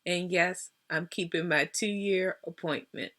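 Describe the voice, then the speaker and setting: A woman vlogger telling a casual story to camera, animated, acting out both sides of the conversations with laughs. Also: on the low side, slow.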